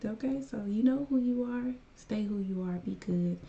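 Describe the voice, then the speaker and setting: A woman's voice: mid-range voice, normal speed, hardly any pauses, mellow, lo-fi sound. A woman hosting a reaction video, speaking to her viewers in a casual way and giving emphatic, preachy advice. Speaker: reaction channel host.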